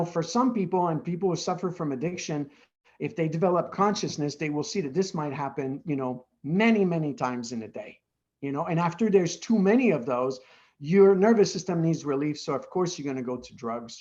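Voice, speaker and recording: A man's voice: a little high, a little mellow, muffled recording. A man being interviewed as the founder of an addiction treatment center, explaining earnestly and often checking in with "right?".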